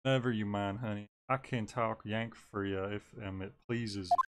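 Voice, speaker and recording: A man's voice: fairly low pitch, fairly even intonation, moderate pace, close to an everyday voice. Man putting on brash Southern lady Lotta. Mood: friendly. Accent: Southern US drawl, put on. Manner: loud, defensive, folksy. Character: brash Southern woman photographer, feisty. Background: loud game music.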